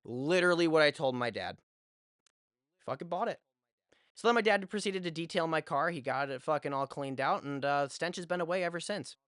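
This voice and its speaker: A man's voice: on the high side, brisk, a bit bright, no echo, clean studio sound. A young man telling a story to his vlog audience in a casual, rambling way, swearing freely. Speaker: vlogger. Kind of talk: story time.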